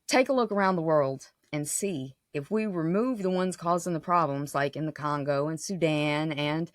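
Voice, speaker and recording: An American woman hosts a podcast, speaking at normal speed in a low-pitched voice with no echo. Her monologue is passionate and casual, and she keeps checking in with listeners by asking "right?"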